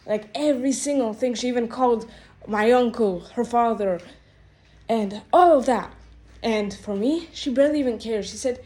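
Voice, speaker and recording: A woman's voice: a little high, moderate pace, dark tone. A woman telling a rambling, exasperated storytime rant, full of "like" and "bro" fillers. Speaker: vlogger.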